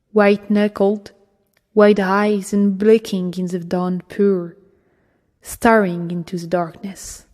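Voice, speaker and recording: A woman narrating a dark fantasy audiobook at an unhurried, measured pace, her voice in the middle of the usual range. The reading carries a long reverb, as if recorded in a resonant room. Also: medium pitch, steady tone. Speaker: audiobook reader.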